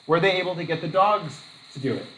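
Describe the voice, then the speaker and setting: A man's voice: a little high, quick pace, sharp tone, poor audio. A man from Vermont giving a casual college lecture, rambling with jokey asides.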